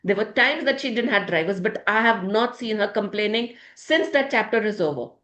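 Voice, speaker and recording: A woman's voice: medium pitch, lively intonation, a little fast, fairly bright tone, echoey room. A woman leading a motivational group session, emotional and speaking to members by name. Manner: emotional, addresses listeners by name. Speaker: positivity group leader.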